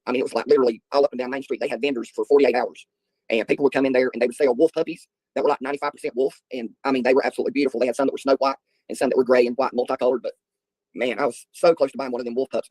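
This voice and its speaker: Man, middle-aged, streamer host; talks very fast, husky and raspy, casual yarn-spinning. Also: mid-range voice, darkish tone, no echo, poor audio. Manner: rambling, folksy storytelling with filler ums. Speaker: livestream host. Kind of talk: casual chat answering viewers.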